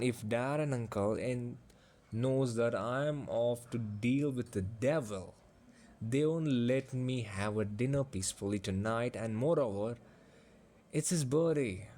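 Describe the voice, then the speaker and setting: A man's voice: medium pitch, slow pace, a little mellow, close to an everyday voice. A man voicing a firm, decisive young angel prince in a storybook reading, giving orders.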